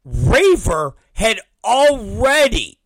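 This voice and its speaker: A man telling a profane story, acting out both sides of old conversations and mimicking others in low, mumbling voices. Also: huge pitch swings, drawn-out words, no room sound, clean studio sound. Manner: acts out both sides of conversations, swears constantly.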